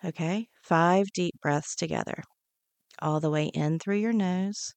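A woman leading a guided breathing meditation on a podcast, giving slow, soothing, repeated instructions. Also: fairly low pitch, a little mellow, clean tone, dry recording. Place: podcast studio.

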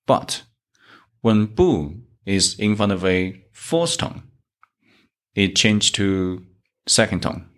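A man from China with a Chinese accent, teaching a Chinese lesson in English and reading the examples slowly. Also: fairly low pitch, expressive, a bit bright. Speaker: Chinese teacher, podcast host. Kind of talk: slow, methodical language lesson.

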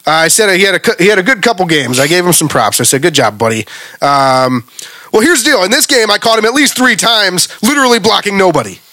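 Fired-up guy hosting a sports pod, bright voice, pitched a bit high, dry sound. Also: sing-song, quick pace, no echo. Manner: heated, rants and swears. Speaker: podcast host. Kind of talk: casual sports talk.

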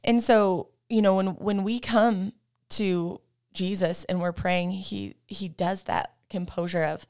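A woman's voice: mid-range voice, fairly even intonation, takes it slowly, a little mellow. A woman guest explaining parenting with a faith angle, easygoing and affirming, with frequent agreeing murmurs. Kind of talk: casual faith-based parenting chat.

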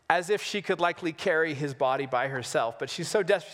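A male pastor preaching an Easter sermon in a conversational, humorous way, with dramatic pauses. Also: a little high, a bit bright, big-room sound. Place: church sanctuary on Easter Sunday.

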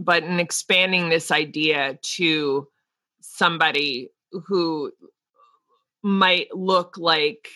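Bright jersey woman, teacher in her 40s, chatty, restarts a lot while she thinks. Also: fairly low pitch, no room sound. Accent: New Jersey. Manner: animated, thinks aloud with restarts. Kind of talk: casual discussion.

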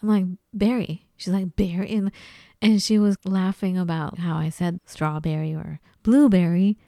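A woman's voice: fairly low pitch, fairly even intonation, normal speed, creaky, warm tone, no room sound, studio quality. A woman from Los Angeles with a Los Angeles accent, telling stories in a rambling, casual chat full of likes and restarts. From Los Angeles, California. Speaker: podcast co-host.

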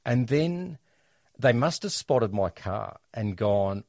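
A middle-aged Australian man telling funny family stories in a casual, animated way. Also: mid-range voice, takes it slowly, no echo, studio quality. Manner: animated, jokey storyteller. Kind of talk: casual storytelling chat.

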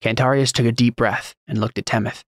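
A man narrating a fantasy audiobook in a steady, even storytelling read. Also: medium pitch, brisk, no echo, clean studio sound.

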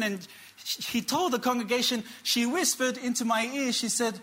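A man preaching a sermon, telling a story with dramatic pauses and calling out to the congregation. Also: extremely high pitch, bright, forceful tone. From Australia. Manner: dramatic pauses, quotes characters, calls for amen.

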